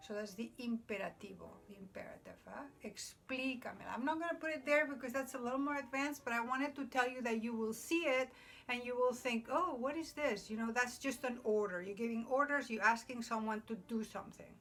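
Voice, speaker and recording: A woman's voice: fairly high pitch, a bit bright. Patient woman teaching Spanish grammar. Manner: patient, explains slowly, checks in with "okay?"; switches between English and Spanish examples. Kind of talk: whiteboard grammar lesson. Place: classroom with a noisy whiteboard.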